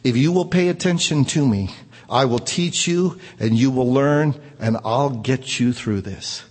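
Husky man telling a story, echoey. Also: mid-range voice, a little slow, a little mellow. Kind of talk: personal story told aloud. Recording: reverberant room.

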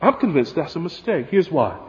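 A man preaching with a high, highly animated voice that swings from hushed lows to forceful peaks. The sound is dull and lo-fi, with a long reverb that rings through a large hall. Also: a little fast. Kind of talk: sermon.

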